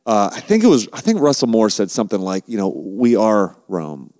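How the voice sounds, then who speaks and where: Low-voiced thoughtful man in a reverberant room. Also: wildly swooping pitch, a little mellow. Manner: thoughtful, halting. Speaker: podcast host. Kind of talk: casual podcast conversation.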